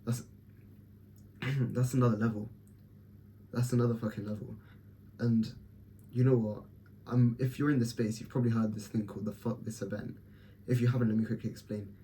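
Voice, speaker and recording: Blunt, profane young man vlogging, very dark voice. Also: medium pitch, little pitch movement, a little fast, pauses often, a little hiss or hum. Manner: blunt, profane, self-motivating pep talk. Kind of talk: candid personal vlog.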